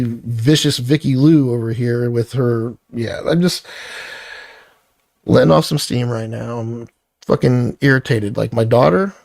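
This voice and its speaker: A man's voice: medium pitch, creaky, darkish tone, no echo. Middle-aged man, vlogger, blunt and profane, venting irritation in a personal rant, dry close sound. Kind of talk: angry personal vlog rant.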